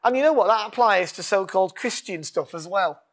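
A man preaching a sermon as pastor, earnest, leading call-and-response lines and dropping to a hush. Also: high-pitched, expressive, fairly quick.

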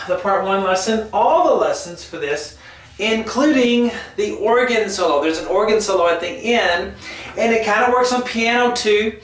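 Relaxed male piano teacher with a high-pitched voice, heard from a distance in an echoey room. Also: normal speed. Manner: relaxed and chatty, hums and sings rhythms as he explains. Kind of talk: casual online piano lesson. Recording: echoey room, mic set back, loud piano. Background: piano playing.

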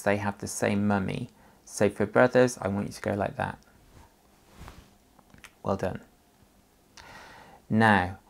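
A man's voice: fairly low pitch, vocal fry. A male primary school teacher leading a story lesson with actions, giving patient, encouraging instructions to young children.

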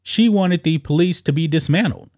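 A man's voice: a little high, normal speed, a little mellow, no echo. Mocking male commentary host, dry sound. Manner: mocking, addresses viewers as guys. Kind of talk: casual political commentary.

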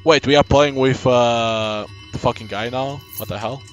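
Brief: male gaming host, mid-pitched, blunt swearing reactions, faint game music behind. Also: moderate pace, lo-fi sound. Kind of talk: live gameplay commentary.

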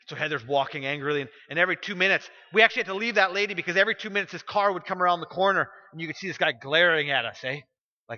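A man's voice: a little high, quick pace, pushed and bright. A middle-aged male pastor preaching a sermon, telling stories and pressing his points with emphatic repetition. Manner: storytelling, emphatic, repeats phrases when pressing a point. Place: church sanctuary. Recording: dull recording with long hall reverb.

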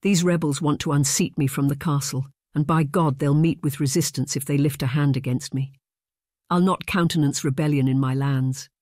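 A narrator voicing a drunken, bitter Scottish laird, gruff and scornful, with a Scottish accent. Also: medium pitch, fairly even intonation, moderate pace, darkish tone, dry recording, clean studio sound, close to an everyday voice. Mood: angry.

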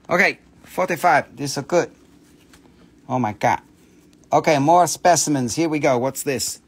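A man's voice: on the high side, a little slow, long pauses, husky. A man hosting a live gemstone sale stream, calling out prices in blunt, casual patter and swearing freely.

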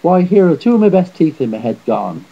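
A man's voice: mid-range voice, lively intonation, fast talker, breathy edge, lo-fi sound. A man voicing a boastful, hot-tempered giant warrior who roars and blusters. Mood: roaring. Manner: roaring, blustering.

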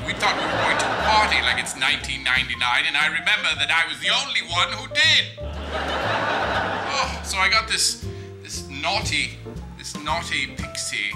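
A man's voice: a little high, natural voice. A man voicing a campy, tipsy male weasel puppet who hosts the show, rambling with giggly asides. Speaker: host. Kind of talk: comic puppet monologue. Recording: roomy echo with music behind.

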